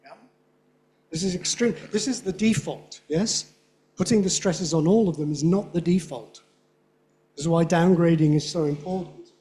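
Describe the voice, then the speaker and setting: An older man giving a conference lecture on English pronunciation, demonstrating rhythm by repeating phrases slowly. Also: a little high, dark tone. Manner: demonstrates rhythm by slow drilled repetition.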